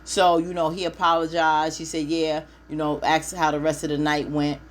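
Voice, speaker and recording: A woman's voice: sits low, flat delivery, moderate pace, a little hiss or hum. A woman hosting a casual TV episode recap, chatty and opinionated, speaking straight to her viewers. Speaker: TV recap host.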